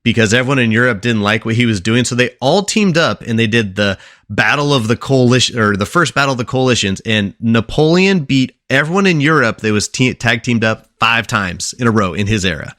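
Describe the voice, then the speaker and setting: In a fairly quick, somewhat bright mid-range voice, a young man hosting a laid-back podcast explains a piece of history to his friends, full of filler words, false starts and quiz questions. The studio sound is clean with no echo.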